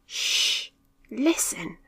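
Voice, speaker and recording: A woman's voice: medium pitch, sing-song, takes it slowly, fairly bright tone, no room sound, poor audio. A woman voicing a bossy young boy mouse who leads his friends with firm commands in a storybook. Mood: urgent.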